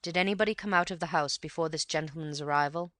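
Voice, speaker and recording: Woman reading a brisk coroner guy, low-ish voice, firm, dry close sound. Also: fairly bright tone, no room sound. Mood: formal. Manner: crisp, formal questioning. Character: formal male coroner questioning witnesses.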